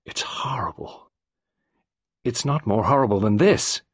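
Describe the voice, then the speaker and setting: A man doing a hoarse, despairing young woman. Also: expressive, no echo, studio quality. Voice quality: deep and hoarse. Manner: slow, hopeless.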